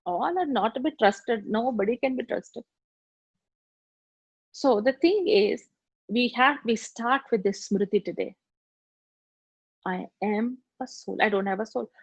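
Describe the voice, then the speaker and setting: A woman with an Indian English accent leads a spiritual course, talking in a lively, anecdotal way. Her voice sits fairly high. The recording is dry and a little muffled. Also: measured pace, pauses often, husky, no echo. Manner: conversational, animated storytelling. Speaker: meditation teacher.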